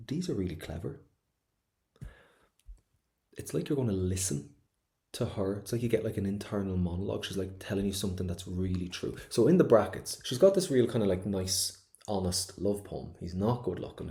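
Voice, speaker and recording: A man's voice: lowish voice, creaky, mellow. A man with an Irish accent teaching an online exam-prep class, chatty and enthusiastic, acting out quoted lines as he goes.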